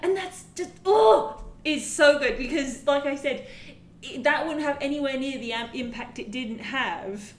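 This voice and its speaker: A woman co-hosting a casual podcast about games, telling a horror story in an animated, profane way. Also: high voice, normal speed, roomy sound, a little hiss or hum. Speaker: podcast co-host.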